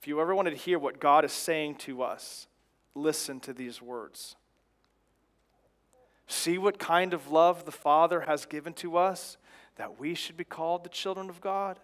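A man's voice: a little high, unhurried, fairly bright tone. A man in his thirties preaching a sermon in an earnest, exhorting way, pressing his points with repeated phrases. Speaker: pastor.

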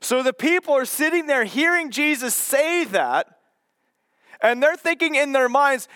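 A man preaching a sermon with a strikingly high voice, moving at an unhurried, deliberate pace. He teaches expressively and voices the doubters' questions as he goes. The sound is dry and close, with no room around it. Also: lively intonation, bright, forceful tone, no room sound.

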